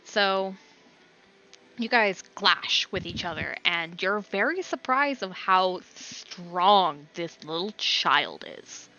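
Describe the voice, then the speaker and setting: Game master, female; chatty, animated narration, dull lo-fi recording. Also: fairly low pitch, slow pace. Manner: loose, chatty narration full of fillers.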